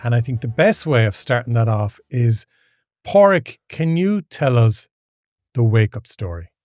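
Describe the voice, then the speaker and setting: A man's voice: medium pitch, unhurried, no room sound, soft background music. A man hosting a podcast, steadily leading a casual chat. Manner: steady, leads the conversation. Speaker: podcast host.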